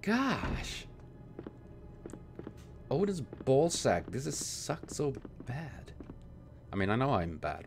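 A man's voice: medium pitch, huge pitch swings, slow, creaky, pauses often, soft background music. Exasperated swearing man playing a game. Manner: exasperated, swears constantly, bursts into loud outbursts. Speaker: gaming channel host. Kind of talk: let's play commentary.

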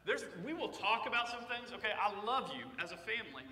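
A man preaching a sermon in a church, talking conversationally and swelling loud when he voices quoted cries. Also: high voice, very animated, brisk, distant mic. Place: church sanctuary. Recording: echoey church hall.

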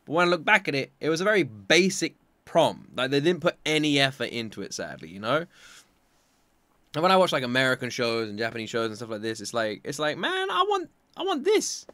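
Young man, anime reaction host, lively swooping pitch, bright forceful tone, casual, swears a lot. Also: fast talker, no room sound. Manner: excitable, swears freely.

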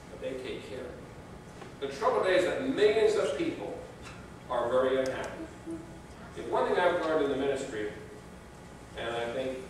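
A man's voice: mid-range voice, background noise. A man preaching a sermon as pastor, telling stories with folksy humor. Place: church sanctuary. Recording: distant mic in echoey church.

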